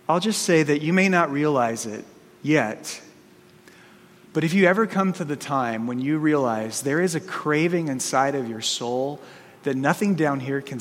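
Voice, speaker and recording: A male pastor preaching a sermon and reading a story aloud, speaking in an earnest, storytelling manner. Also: on the high side. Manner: slow, earnest storytelling with small restarts. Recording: long reverb in a large hall.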